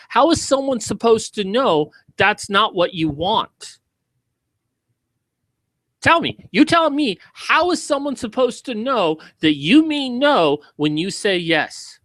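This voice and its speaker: Male commentary host, fairly high voice, heated sarcastic rant, lots of profanity. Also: a bit bright, no echo. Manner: heated, sarcastic, heavy swearing. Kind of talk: ranting commentary.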